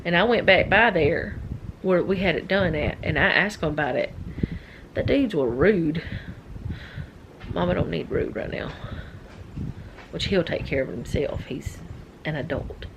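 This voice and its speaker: A woman's voice: on the low side, expressive, unhurried, pauses often, dull audio, noisy background. Rambling, chatty middle-aged woman. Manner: rambling, chatty, easily sidetracked. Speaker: vlogger. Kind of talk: casual chat.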